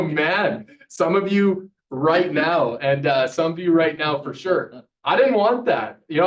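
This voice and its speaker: A man in his twenties from Canada giving an energetic motivational speech to a live audience, telling his story and polling the crowd. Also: on the high side. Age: 20s. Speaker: motivational speaker. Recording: distant, dull sound.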